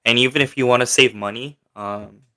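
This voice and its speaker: A man's voice: mid-range voice, fairly even intonation, brisk, sharp tone. A young man hosting a casual livestream, chatting loosely with viewers and reading their questions aloud, with lots of filler words. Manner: chatty and rambling, many fillers, reads chat questions aloud. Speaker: livestream host. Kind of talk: casual livestream chat, answering viewer comments.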